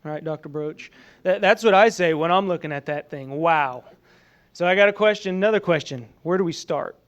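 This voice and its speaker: A man's voice: on the high side, normal speed, dull audio. A man giving a conversational conference presentation to a room of colleagues, often saying "you know" and asking the audience questions. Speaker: presenter at a training summit.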